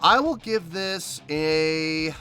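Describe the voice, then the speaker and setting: A man's voice: fairly high pitch, lively intonation, drawn-out words, pushed and bright. A man hosting a music reaction video, talking emphatically and repeating himself as he rants.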